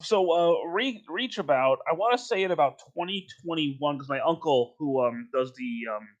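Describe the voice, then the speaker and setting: A man's voice: fairly high pitch, animated, moderate pace, lo-fi sound. A man co-hosting a podcast in casual chat, emphatic and rambling, often breaking into laughter. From North Carolina. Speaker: podcast co-host.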